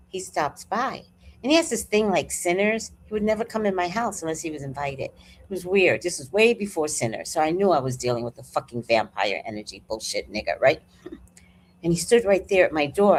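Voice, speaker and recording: Animated woman telling a story. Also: fairly low pitch. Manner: animated, profane, storytelling with acted-out quotes. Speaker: host. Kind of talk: casual live storytelling chat. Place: at home.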